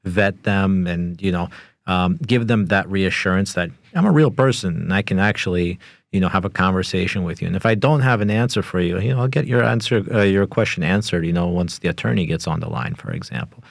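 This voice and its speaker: A man's voice: low-pitched, fairly quick, gravelly, dry recording, clean studio sound. A man hosting a podcast interview, talking loosely with lots of um, uh and you know. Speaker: podcast host. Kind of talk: casual interview talk.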